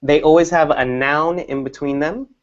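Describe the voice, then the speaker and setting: A man's voice: on the high side, fairly even intonation, normal speed, dull audio. A man teaching an English class, explaining patiently and repeating example words.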